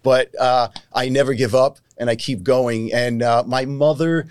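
A man's voice: medium pitch, steady tone, unhurried, a little mellow, clear, resonant tone, dry recording, studio quality. A man, a comedian and impressionist, telling earnest, grateful stories in an interview. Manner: earnest, grateful storytelling with restarts. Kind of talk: interview conversation.

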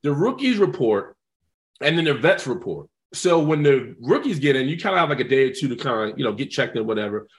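A man, a former football player and guest, telling a story in a casual, animated way, swearing freely. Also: medium pitch, a little fast.

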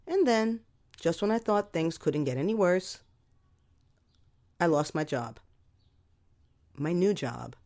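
A woman telling a first-person story in a wry, expressive way with dramatic emphasis. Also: on the low side.

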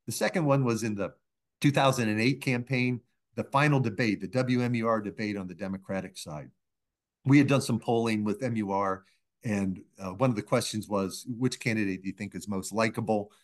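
This middle-aged man speaks with a fairly low voice as a guest pollster on a podcast. He tells stories in a measured, unhurried way, slipping into the voices of the people he quotes. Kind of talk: anecdotal storytelling in a podcast interview.

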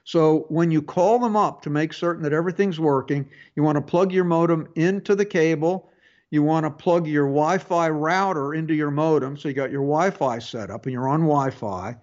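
The recording is muffled, carrying a higher-pitched yet darkish male voice. He hosts a call-in tech advice show on radio, talking casually and haltingly with frequent fillers and restarts.

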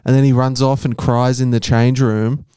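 Aussie guy co-host, mellow smooth voice, teasing storyteller, dry sound. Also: mid-range voice, flat delivery, no echo. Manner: teasing, storytelling, quick laughs. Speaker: podcast co-host. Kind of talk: casual chat.

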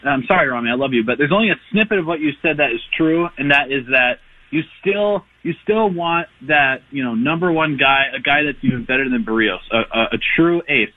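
A man's voice: mid-range voice, lively intonation, brisk. A man calling in to a sports radio show, eager and rambling as he argues his point. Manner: eager, rambling, friendly teasing. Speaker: caller. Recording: tinny phone line.

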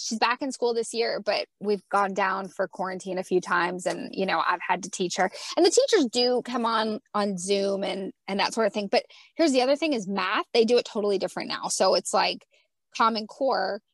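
A woman's voice: a little high, brisk, no room sound. A woman in her thirties, a wrestler and guest, chatting casually and laughing often as she acts out what she said. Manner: lively, laughs often, acts out her own past remarks. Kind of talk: casual interview chat.

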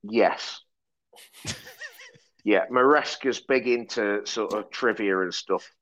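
A man chatting on a podcast as a pundit, cracking deadpan jokes and working himself into mock rants. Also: lowish voice, slow, dull audio. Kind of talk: casual chat.

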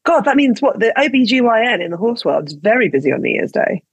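Husky woman with teasing questions. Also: a little high, very animated, no room sound, low-quality recording. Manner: quick teasing questions, laughs a lot. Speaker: podcast co-host. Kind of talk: casual chat.

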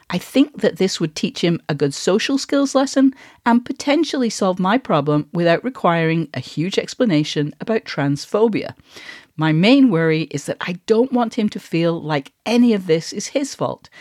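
A podcast host reads a listener's letter aloud. Her voice is low but swings widely in pitch. The sound is dry and close. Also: no echo. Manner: expressive letter reading.

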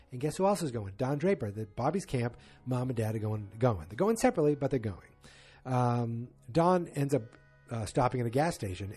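Husky man rambling through a recap. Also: mid-range voice, mellow. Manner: loose, rambling, joking asides. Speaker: TV episode recapper. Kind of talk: casual spoken recap.

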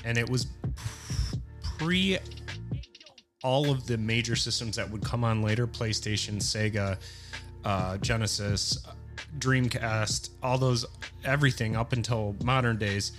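A man at an average pitch, talking casually on a podcast. He reads dates and facts in a relaxed way and chuckles now and then. Faint music plays underneath. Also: a little slow, pauses often. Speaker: podcast co-host. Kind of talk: casual chat, reading game history notes.

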